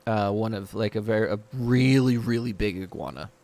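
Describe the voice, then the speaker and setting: A man's voice: lowish voice, brisk, a little mellow. Casual male game master, loose and chatty. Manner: casual, laughing, full of fillers. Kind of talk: narrating a tabletop game.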